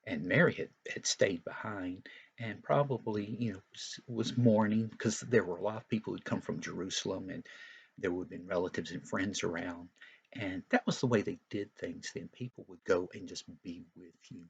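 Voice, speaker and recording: Male Sunday school teacher, low, gravelly voice, folksy storyteller who explains as he goes. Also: normal speed. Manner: folksy and explanatory, with frequent asides. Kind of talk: retelling a Bible story for young children.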